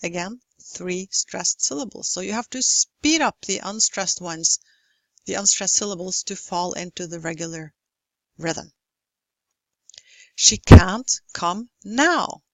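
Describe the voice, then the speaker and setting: Woman teaching pronunciation, slow careful examples, dry close sound. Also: fairly low pitch, vocal fry, fairly bright tone, no echo, poor audio. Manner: slow, deliberate demonstrations of stress and rhythm. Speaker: English pronunciation lecturer. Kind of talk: university lecture.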